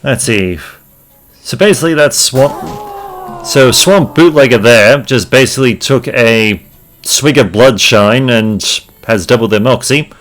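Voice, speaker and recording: A man's voice: medium pitch, a little slow, fairly bright tone, soft background music. A man hosting a let's play, muttering wry, casual commentary and reading game text aloud.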